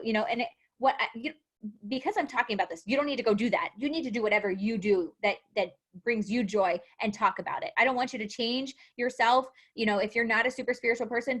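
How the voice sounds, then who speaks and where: A young woman gives a motivational live talk to her coaching team. Her voice sits a little high, and she stays animated, acting out quotes and laughing often. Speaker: fitness coach.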